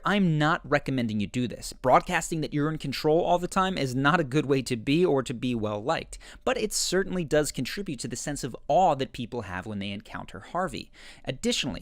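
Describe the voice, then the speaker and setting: A man narrating a scripted video essay in a measured, explanatory way. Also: on the high side, dry recording. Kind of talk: scripted narration analyzing show clips.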